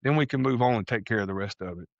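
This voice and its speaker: A man's voice: fairly low pitch, racing, dry recording. A man from Texas, a podcast guest, telling his story in an earnest, folksy way and acting out conversations he recalls. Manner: earnest, folksy, acts out quoted exchanges. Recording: dull lo-fi sound.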